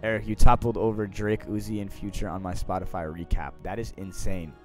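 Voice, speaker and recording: A man's voice: fairly low pitch, brisk, over music. Slangy young man chatting on stream. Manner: slangy and profane, swinging between mumbled asides and loud excited bursts. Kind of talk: casual live-stream chat, reading out viewer questions.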